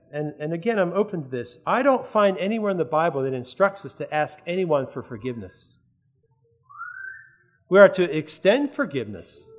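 A man preaching a sermon in an earnest, conversational way, often checking that his listeners follow. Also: a little high.

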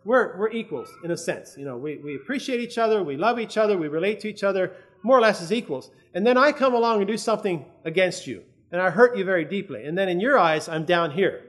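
A man's voice: sits high, animated, quick pace, hardly any pauses. A man preaching a sermon in an earnest, conversational way, often checking that his listeners follow.

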